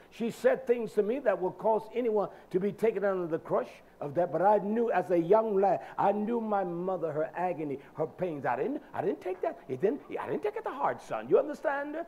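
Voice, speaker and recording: A man preaching a sermon, emphatic and addressing his listeners directly, swinging between soft and loud delivery. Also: sits high, dull audio.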